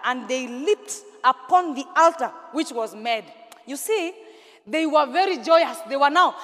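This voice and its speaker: Very high-voiced woman preacher. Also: lively intonation, a little slow, in a large hall. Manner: emphatic call-and-response preaching, bursts of shouting. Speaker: pastor. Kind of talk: sermon. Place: large church hall.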